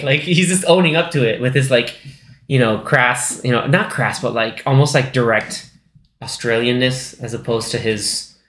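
A man rambles through a casual movie chat on a podcast, full of fillers and acted-out quotes. His voice sits at a middle pitch. The room adds a noticeable echo. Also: moderate pace, fairly bright tone. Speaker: podcast co-host.

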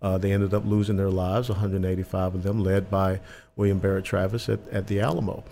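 A man's voice: deep voice, level tone, fairly quick, gravelly, warm tone, slight background noise. An older man from Atlanta, a military veteran, speaking earnestly and with emphasis as a guest on an interview show. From Atlanta, Georgia, US. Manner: earnest, emphatic, repeats words when starting. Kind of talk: conversational interview.

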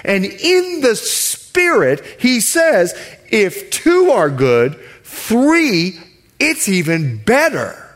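A male pastor from the Bahamas preaching a sermon. He stretches key words slowly for emphasis and jokes with the congregation. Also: sits high, very animated, a bit bright.

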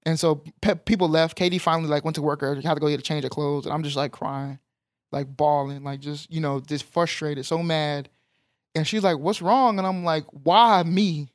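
A young man, telling a personal story in an animated, emphatic way on a casual podcast. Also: on the high side, brisk, no room sound, clean studio sound.

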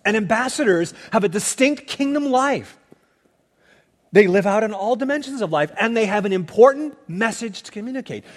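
A man's voice: sits high, expressive, moderate pace. A man preaching a sermon, teaching through scripture with emphatic asides to the listeners. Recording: long reverb of a large hall.

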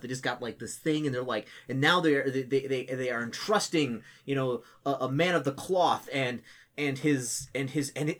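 A man's voice: mid-range voice, a bit bright. A man narrating as game master, rambling with many restarts and briefly acting out townsfolk.

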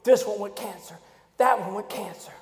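A man from preaching with a drawl, his voice pushed unusually high and rough with gravel. He swings between hollering and near-whispers. The sound is an echoey church hall, with a faint congregation behind him. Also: normal speed. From Louisiana, USA. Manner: fiery preaching, swinging from shouts to low hushed tones. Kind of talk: revival sermon. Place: church sanctuary.

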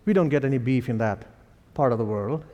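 A man's voice: mid-range voice, fairly quick. A man with an Indian accent preaching a sermon, telling stories with chuckles between lines. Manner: animated storytelling with chuckles. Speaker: pastor. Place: church sanctuary. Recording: reverberant church hall.

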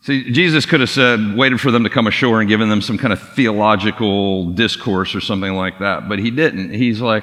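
A man's voice: lowish voice, fairly quick, hardly any pauses. A man preaching a sermon as pastor, telling the story in a casual way. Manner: casual storytelling with lively acted quotes. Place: church sanctuary. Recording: long reverb of a large hall.

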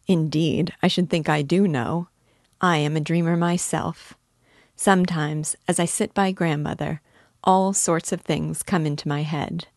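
A woman reading the part of a lively, playful young woman who teases with eager questions, in an audiobook. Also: lowish voice, no room sound, clean studio sound.

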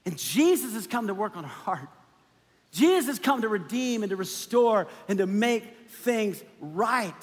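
A man with a very high voice delivers a conversational sermon, often tossing "right?" back to the congregation. His words ring out with a long hall reverb behind them. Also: sing-song, a little slow. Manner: conversational preaching, keeps asking "right?". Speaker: pastor.

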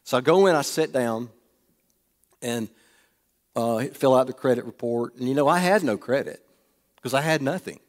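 Folksy preacher in a hall. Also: male voice, medium pitch, normal speed, long pauses. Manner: folksy, asks the audience questions. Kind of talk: humorous storytelling sermon. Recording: long reverb of a large hall.

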